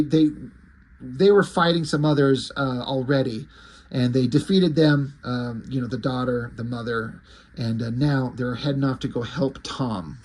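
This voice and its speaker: A man casually reviewing a comic book, enthusiastic and rambling, with frequent hesitations and restarts. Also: a little high.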